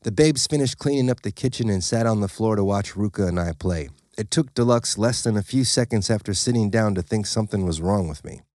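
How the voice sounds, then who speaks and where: Deep, dry-voiced male storyteller. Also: fairly quick, few pauses, darkish tone, no room sound. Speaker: audiobook narrator. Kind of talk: first-person story narration.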